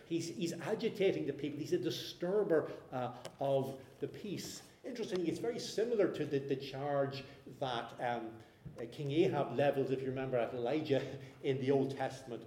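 A man preaching an expository sermon, explaining the text at a measured pace and circling back over his words. His voice is mellow and warm, and the room lends it a roomy echo. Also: fairly high pitch. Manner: measured, explanatory, with frequent restarts.

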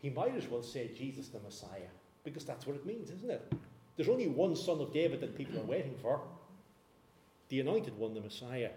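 Animated preacher man, lively voice, echoey room. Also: mid-range voice, fairly quick, slight background noise. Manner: animated storytelling, dramatizes scripture. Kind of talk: sermon.

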